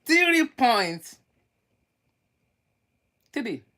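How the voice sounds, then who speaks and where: A woman giving relationship advice in an emphatic, preachy way, repeating her points and swinging between loud outbursts and low muttering. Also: sing-song, very slow. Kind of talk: lecturing advice monologue.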